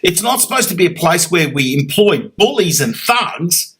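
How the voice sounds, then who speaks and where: Raspy host, blunt and reassuring. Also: male voice, high voice, sing-song, moderate pace, fairly bright tone. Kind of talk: interview.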